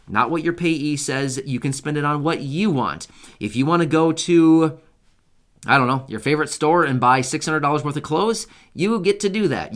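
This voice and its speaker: A man's voice: a little high, a bit bright. A man hosting his own channel, talking straight to his viewers in a casual, conversational way and repeating key points for emphasis. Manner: speaks directly to viewers. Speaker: channel host. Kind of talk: casual explainer video.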